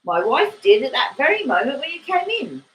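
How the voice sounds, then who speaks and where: Brief: woman narrator voicing a gentle, simple village blacksmith man in a read-aloud novel, kind and mild. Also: high-pitched, big pitch swings, normal speed, voice pushed up, low-quality recording. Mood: kindly.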